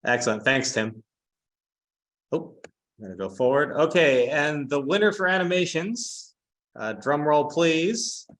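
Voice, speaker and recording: A man hosting an online workshop, explaining technical animations in a relaxed way with frequent "uh" fillers. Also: on the high side, measured pace, rough recording. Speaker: workshop host announcing contest winners. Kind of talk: presenting over a video call.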